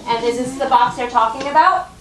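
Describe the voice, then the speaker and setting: A woman's voice: a little high, brisk. A woman teaching a first grade class, patient and coaxing, modeling reading word by word. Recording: roomy classroom audio from a distance, with background noise.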